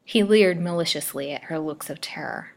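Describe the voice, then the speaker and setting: A woman storyteller reading a melodramatic serial aloud with expressive delivery. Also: sits low, moderate pace, creaky. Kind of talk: scripted narration.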